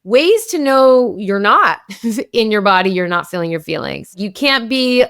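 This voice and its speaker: A woman's voice: mid-range voice, animated, a little slow, fairly bright tone, smooth, dry recording, studio quality. A woman psychotherapist and author, a guest in an interview, explaining ideas in a flowing, casual way and often checking in with "like" and "right?".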